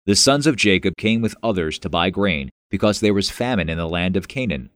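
Low-voiced man reading a bible story. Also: expressive, a little fast, a bit bright, no echo, clean studio sound. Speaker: narrator. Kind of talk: scripted Bible story narration.

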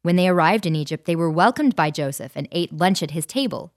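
A woman narrating a clear, explanatory summary between Bible story readings. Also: fairly low pitch, lively intonation, fairly quick.

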